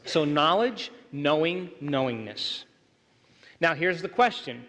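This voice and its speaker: A man's voice: a little high, animated, slow pace, a bit bright. A middle-aged man lecturing a live audience, emphatic and often asking them to agree. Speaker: workshop speaker. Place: large hall with audience. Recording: hall reverb, live venue.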